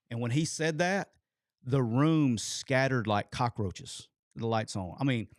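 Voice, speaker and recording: A man, co-hosting a show and telling a long story in an animated way, swearing casually. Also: medium pitch, dry recording, studio quality. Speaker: co-host telling a coaching story.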